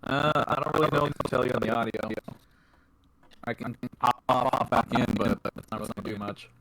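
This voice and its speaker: A young man with a gravelly, mid-pitched voice chats easily with friends on a game stream. He jokes around and swears mildly. A faint hiss sits behind his voice-chat audio. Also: a little fast. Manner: easygoing, joking, mild swearing. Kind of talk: casual gaming chat. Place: online voice chat.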